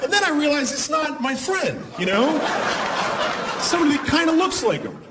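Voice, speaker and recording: A man's voice: very high-pitched, big pitch swings, normal speed, very noisy. A man in his forties performing a stand-up set on a concert hall stage, rambling and self-deprecating as he acts out scenes. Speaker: stand-up comedian. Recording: live concert recording with loud crowd. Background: loud laughing audience.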